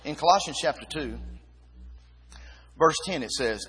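A man preaching a sermon, reading scripture and repeating key words with emphasis, pausing between short phrases. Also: a little high, expressive, fairly bright tone, slightly rough. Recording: long hall reverb.

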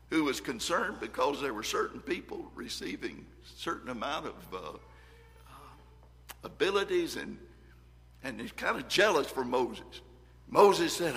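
With slight background noise present, a long reverb carries this preacher's words through the hall. He reads scripture in his sermon with earnest emphasis, his bright, forceful, slightly high voice growing louder and softer.

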